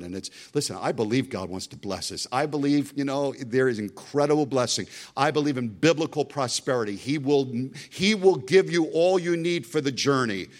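A man's voice: medium pitch, animated, normal speed. A middle-aged man preaching a sermon as a pastor, emphatic and full of storytelling asides.

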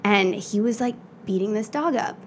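Young woman guest, gravelly tone, animated storyteller who laughs a lot, casual podcast chat. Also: mid-range voice, moderate pace, slight background noise. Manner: animated, laughs often, acts out voices.

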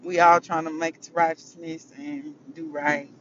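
A man's voice: fairly high pitch, level tone, normal speed. A man giving an emotional, preachy talk to his viewers, calling them baby and honey. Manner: preachy, affectionate, calls listeners baby and honey. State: emotional after a hard day. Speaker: vlogger. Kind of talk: casual spiritual talk to viewers. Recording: muffled with loud vehicle noise.

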